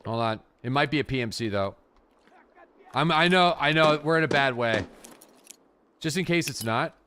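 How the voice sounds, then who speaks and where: With a smooth, medium-pitched voice, a man from Atlantic Canada chats through a game stream. His manner is lively and profane, and he laughs easily.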